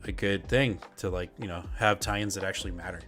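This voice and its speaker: A man with a very low voice co-hosting a casual comic review show. He speaks softly and trails off with fillers. Faint music runs in the background. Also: fairly quick. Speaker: podcast co-host.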